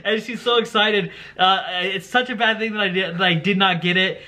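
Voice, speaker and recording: A young man casually commenting on his own video, telling stories in a chatty, animated way. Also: high-pitched, normal speed. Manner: chatty, animated storytelling with put-on quotes.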